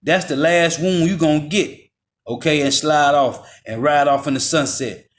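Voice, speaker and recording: Brief: male street preacher, a touch higher than average, fiery and confrontational, slows for scripture readings. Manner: forceful and confrontational, drops low on tag words, slows to read scripture.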